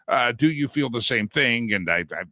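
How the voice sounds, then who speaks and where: Man, talk show host, rambling, jokey, full of fillers, bright tense tone. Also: animated, moderate pace, dry recording, clean studio sound. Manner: jokey, swings in pitch for emphasis. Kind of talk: live-streamed political talk show.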